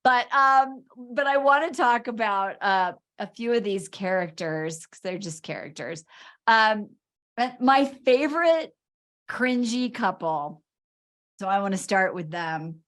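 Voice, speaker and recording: A woman's voice: medium pitch, lively intonation, a little slow, fairly bright tone. A woman co-hosting a podcast in casual chat, talking loosely with lots of filler words. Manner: chatty, many "like" fillers, acts out quotes. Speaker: podcast co-host.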